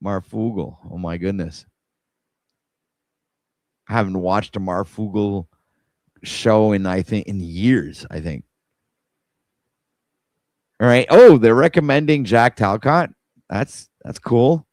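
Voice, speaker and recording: A man's voice: on the low side, slow pace, long pauses, darkish tone, no echo. A man hosting a casual livestream, rambling in an exasperated way and talking to his viewers while he scrolls. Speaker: livestream host.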